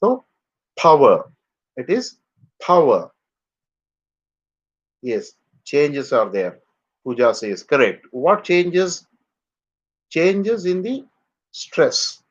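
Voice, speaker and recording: Slow, lively male pronunciation teacher. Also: a little high, muffled recording. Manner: slow, drilling words for students to repeat. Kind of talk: live online pronunciation lesson.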